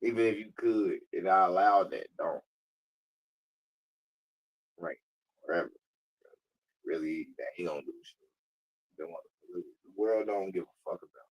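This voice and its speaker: Blunt low-voiced man, husky and slangy. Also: poor audio. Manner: blunt, slangy, profane, laughs often; says he talks fast. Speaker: livestreamer talking to a voice assistant. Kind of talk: casual live-stream chat.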